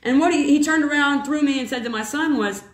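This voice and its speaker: A woman in her thirties, a mother, telling a rambling spiritual story in a casual, animated way. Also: high-pitched, a little fast. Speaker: mother and preacher. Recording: echoey room.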